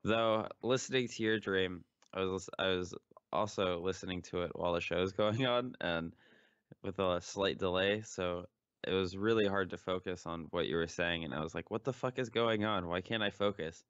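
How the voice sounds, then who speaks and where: A worn-out man with a very low, smooth, resonant voice drifts through playful podcast chat. His delivery is drowsy and meandering, and the recording is dry and slightly dull. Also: steady tone, normal speed, a bit bright, no echo. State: very tired. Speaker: podcast co-host. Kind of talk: casual chat.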